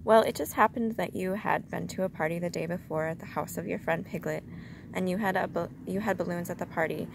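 A woman reading a children's storybook aloud in a calm, measured way. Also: fairly low pitch, creaky, background noise.

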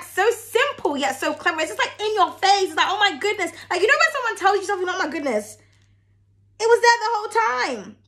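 High, bright young woman, rambling tarot chat, casual and sweary. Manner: rambling, chatty, swears freely. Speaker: tarot reader.

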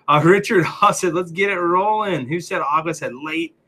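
A man's voice: fairly high pitch, a little slow, a bit bright. A young man hosting a casual livestream, chatty and laughing often as he reads viewer comments, a little out of breath. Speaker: livestream host.

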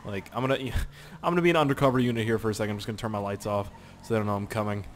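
A young man giving casual, excitable gameplay commentary, swearing and laughing as he plays. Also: lowish voice, racing, slight background noise. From Canada. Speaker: gaming YouTuber.

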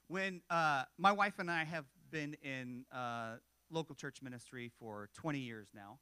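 Pastor, male, 40s, relaxed storytelling sermon with quick jokes, a slightly higher voice, dry close sound. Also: no echo. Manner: conversational, self-deprecating humor with frequent asides.

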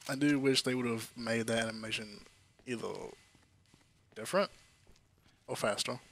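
A man giving casual let's-play commentary, animated and quick to exclaim. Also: mid-range voice. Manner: animated, exclaiming at game moments. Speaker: gamer.

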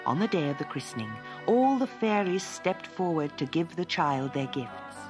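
A woman narrating a fairy tale for children in an expressive, lilting storytelling manner. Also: low voice, moderate pace, over music.

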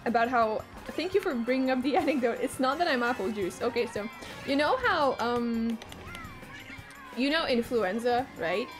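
A woman's voice: fairly high pitch, animated, normal speed, music in the background. Giggly young Quebecois woman streaming a game. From Quebec, Canada. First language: Quebec French. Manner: rambling, self-mocking, swears freely, giggly. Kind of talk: casual gameplay chat.

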